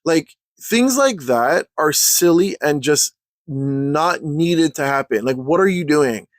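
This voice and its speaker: A man telling a story in a casual rant for his vlog, heated and full of slang, clearly fed up. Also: on the high side, expressive, slow pace, dry recording. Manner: heated, slangy, exasperated ranting.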